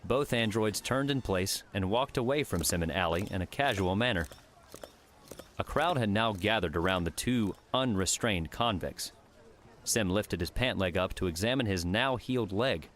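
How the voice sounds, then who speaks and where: A man narrating an audiobook in a steady, even storytelling voice. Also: fairly low pitch, moderate pace, a little hiss or hum. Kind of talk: scripted narration.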